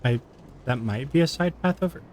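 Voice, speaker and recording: A man's voice: medium pitch, animated, fairly quick, a little mellow, a little hiss or hum. A tired, yawning man giving playful, chatty gameplay commentary while streaming. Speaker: gaming streamer.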